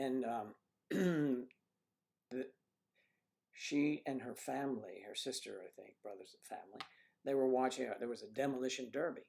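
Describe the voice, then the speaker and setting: An older man with a gravelly, mid-range voice hosts a casual livestream from home. He wanders through anecdotes, restarting sentences and clearing his throat as he goes. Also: mid-range voice, darkish tone. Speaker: livestream host. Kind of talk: casual chat reading viewer comments.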